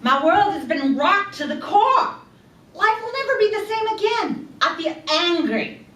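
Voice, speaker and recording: A woman's voice: very high voice, big pitch swings, a little slow, fairly bright tone, voice pushed up, heavily acted. A woman voicing an angry Irish woman in her forties who feels judged, speaking in an Irish accent with a heated, indignant manner. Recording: echoey room from a distance.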